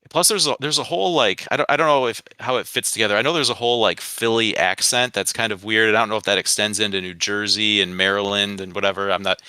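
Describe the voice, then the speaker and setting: A man's voice: lowish voice, pushed and bright, smooth, no echo. A man from the Midwest with a Michigan accent, co-hosting a sports podcast in a rambling, chatty way with many asides. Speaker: podcast co-host. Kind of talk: casual sports podcast chat.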